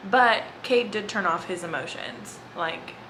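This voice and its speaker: A woman's voice: medium pitch, a little slow, background noise. A young woman chatting casually in a book reading vlog, gushing and emotional, laughing often. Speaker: book vlogger.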